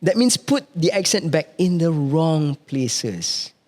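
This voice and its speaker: A man, a translator speaking as a guest in a casual interview. He is animated, laughs often and hums out rhythms as he explains. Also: fairly high pitch, slow pace.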